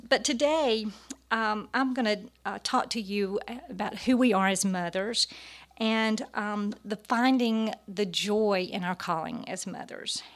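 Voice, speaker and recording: A middle-aged woman giving a personal testimony to a church audience, storytelling with frequent hesitant fillers. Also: medium pitch. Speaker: speaker at a church gathering.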